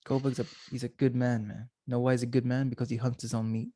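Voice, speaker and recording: A man's voice: mid-range voice, level tone, quick pace, dark tone, dry recording. A young man co-hosting a casual wrestling podcast with a friend, chatty and playful, cracking jokes. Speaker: podcast co-host. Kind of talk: casual chat.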